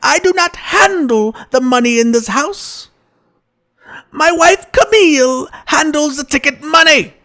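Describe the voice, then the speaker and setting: Man doing preachy older comedian impression, high sing-song voice, stiff mock-formal wording, quaint euphemisms, slow drawl. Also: lively intonation, bright, forceful tone, exaggerated voice. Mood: prim. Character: older male comedian, fussy and preachy father. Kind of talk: stand-up impression.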